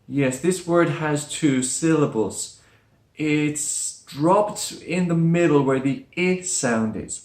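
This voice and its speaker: A man teaching English pronunciation, repeating words slowly with exaggerated stress. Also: fairly high pitch, a little mellow, echoey room. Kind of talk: slow, careful pronunciation lesson.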